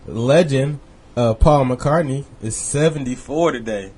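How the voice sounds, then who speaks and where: A man's voice: medium pitch, a little slow, a little mellow, breathy edge. Easygoing male radio host. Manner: easygoing, teasing. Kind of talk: casual radio show banter.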